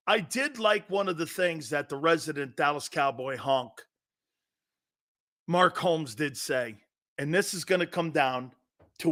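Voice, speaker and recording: A middle-aged man with a slightly high, sharp-toned voice hosts a casual sports talk live stream. He rambles through stories, quotes others, and laughs often.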